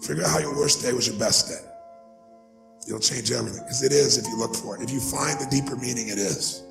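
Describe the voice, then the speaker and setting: A man gives a heartfelt motivational talk in a deeply gravelly voice, earnest and personal. His voice echoes around the room, and soft music plays underneath. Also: fast. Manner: earnest, building to rising excited pitch when moved. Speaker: motivational speaker. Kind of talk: emotional personal storytelling speech.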